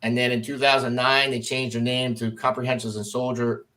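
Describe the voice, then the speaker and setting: Middle-aged man, podcast guest, casual storytelling, acts out quoted voices, mid-pitched. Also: level tone, brisk, bright, forceful tone. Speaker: podcast guest, former Army officer.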